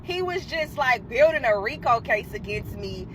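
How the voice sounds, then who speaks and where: Young woman, high voice, very lively, bright, swearing, casual storytelling. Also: normal speed, a little hiss or hum, low-quality recording. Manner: animated and profane, acting out quotes. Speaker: guest telling a dating story.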